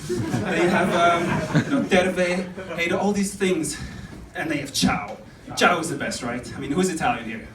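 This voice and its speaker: A man's voice: on the high side, moderate pace, few pauses. A young man performing a stand-up comedy set on a club stage, rambling and chatty, laughing at his own jokes. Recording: roomy club sound from a distance with crowd noise.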